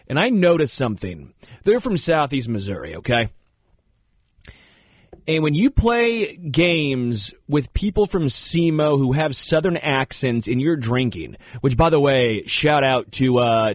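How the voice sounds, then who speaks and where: A man hosting a talk show, telling rambling, animated stories in casual studio banter. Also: medium pitch, no room sound. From Kansas City area. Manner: rambling, animated storyteller who jumps into funny voices. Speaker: radio show host.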